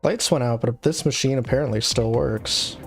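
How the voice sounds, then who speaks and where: Deadpan young male ghost, played by a woman, low and dry. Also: moderate pace, vocal fry, faint music behind, natural voice. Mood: wry. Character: young male ghost, wry and laid-back.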